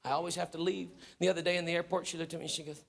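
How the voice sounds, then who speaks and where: A middle-aged man doing stand-up comedy, animated and dropping Spanish phrases into English, swinging from shouts to a hush. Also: a little high, rapid-fire, creaky. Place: comedy stage before live audience. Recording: live club, crowd laughter and noise.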